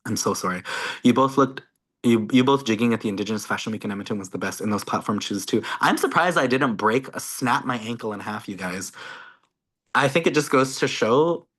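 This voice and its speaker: A Canadian man, a content creator speaking as a guest, chatting casually and excitedly on a video call, full of "like" and "you guys". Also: medium pitch, a little fast, slightly rough.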